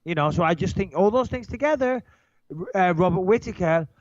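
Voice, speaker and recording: A man with a nasal Manchester-area English accent, co-hosting a podcast in brash, swearing, animated banter. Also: high-pitched, a little fast, no room sound, lo-fi sound. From England. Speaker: podcast co-host.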